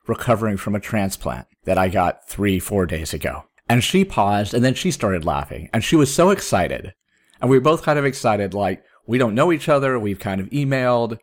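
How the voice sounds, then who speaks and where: Low-voiced man telling a story. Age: 30s. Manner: animated storyteller with sudden pitch jumps for quoted asides. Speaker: podcast host. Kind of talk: casual storytelling chat.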